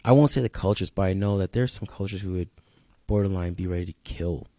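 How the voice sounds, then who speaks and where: A young man co-hosting a casual podcast chat, telling stories in a laid-back way and acting out what people said. His voice sits low and sounds dry and close to the mic. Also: fast, mellow, no room sound. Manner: laid-back storyteller, acts out quotes. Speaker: podcast co-host.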